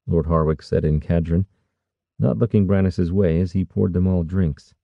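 Deep gravelly guy reading fantasy, dry dull recording. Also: steady tone, moderate pace, dry recording. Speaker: audiobook narrator. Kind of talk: scripted fantasy narration.

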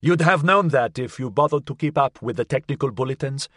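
A man's voice: medium pitch, fairly quick, a bit bright, dry recording, studio quality, lightly acted. A man reading an audiobook, voicing a slick, condescending male official who coolly needles the woman he questions. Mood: cold.

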